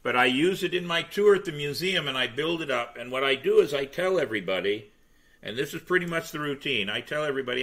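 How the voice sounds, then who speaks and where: Animated male storyteller, bright voice. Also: fairly high pitch, fast. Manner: animated storyteller, acts out quotes. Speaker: pirate museum tour guide and entertainer. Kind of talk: casual podcast chat, storytelling.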